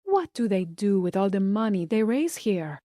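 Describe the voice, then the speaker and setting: A woman's voice: medium pitch, big pitch swings, normal speed, dark tone, no room sound, clean studio sound, natural voice. A woman voicing a statuesque, gushing socialite with a Spanish accent. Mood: chatty. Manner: effusive, breathless admiration.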